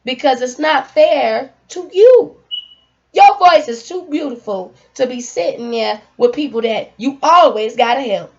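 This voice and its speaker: Young woman vlogger, high voice, venting and motivational, on a muffled lo-fi recording. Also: animated, measured pace. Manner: emphatic, venting, informal. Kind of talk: casual talk to camera.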